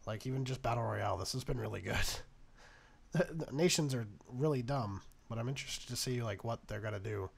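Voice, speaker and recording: Young male gaming host, mid-pitched, dry sarcastic play-by-play with exasperated outbursts. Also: a little fast, gravelly, breathy edge. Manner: exasperated, sarcastic, talks to the game's nations. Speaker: gaming YouTuber. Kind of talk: casual let's-play commentary.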